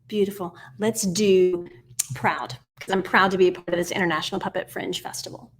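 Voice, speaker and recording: An American woman in her forties teaching a puppetry workshop, energetic and encouraging, counting steps aloud and often dropping to a whisper. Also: medium pitch, moderate pace, creaky, a little hiss or hum. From United States. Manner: energetic and encouraging, keeps asking "right?". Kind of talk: online workshop instruction.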